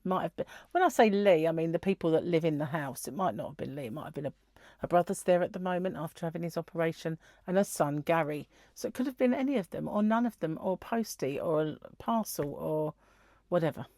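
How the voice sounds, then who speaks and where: A woman's voice: deep voice, a little fast, darkish tone, no room sound. A middle-aged woman chatting casually as a crochet vlogger, rambling and giggling as she tells stories. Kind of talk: casual chat.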